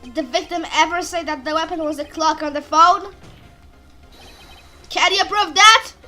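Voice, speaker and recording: A woman's voice: very high voice, normal speed, sharp tone, soft background music. A woman voicing a stern male prosecutor who dismisses the defense with objections. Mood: dismissive.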